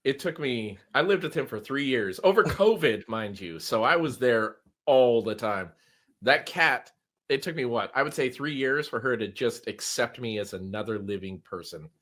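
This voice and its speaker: A man's voice: mid-range voice, animated, moderate pace, fairly bright tone. A man chatting in an amused way on a livestream. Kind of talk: casual livestream chat.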